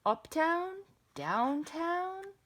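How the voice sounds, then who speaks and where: Panicky little boy pleading for help, high pitched, storybook voice from a lady reader. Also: sing-song, drawn-out words, fairly bright tone, exaggerated voice. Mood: urgent. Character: anxious young boy who overfed his fish.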